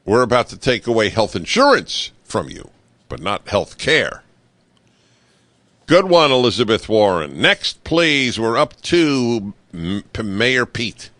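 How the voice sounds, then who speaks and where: A man hosting a talk radio show, giving a political commentary monologue in an animated, sarcastic way with wry asides, speaking into a studio microphone. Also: lowish voice, slow, no echo.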